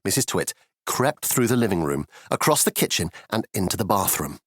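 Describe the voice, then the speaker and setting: A man's voice: on the low side, big pitch swings, a little fast, fairly bright tone, breathy edge, no room sound, studio quality. A man narrating a children's audiobook in a playful way, with cheeky asides to the listener. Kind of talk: scripted children's storybook narration.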